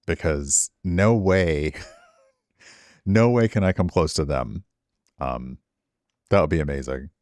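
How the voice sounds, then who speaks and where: A man's voice: low voice, a little mellow, no echo, studio quality. A middle-aged man streaming, chatting with viewers in a rambling, self-deprecating way. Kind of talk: casual stream chat.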